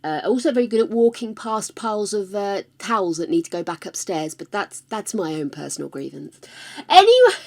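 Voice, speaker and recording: A woman's voice: mid-range voice, lively intonation, normal speed, vocal fry. An older woman chatting casually on a live stream, affectionate and talkative, calling her viewers darlings. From United Kingdom.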